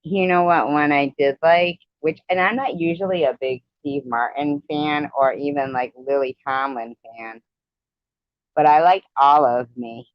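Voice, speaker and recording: A woman's voice: deep voice, a little slow, no echo, muffled recording. A woman hosting a live stream, chatting casually and rambling about old movies she remembers. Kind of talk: casual chat.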